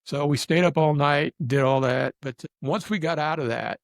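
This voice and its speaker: A man's voice: on the high side, normal speed, gravelly, dry recording, studio quality. A man telling a rambling, self-deprecating story in casual chat, often restarting his sentences. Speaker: guest storyteller.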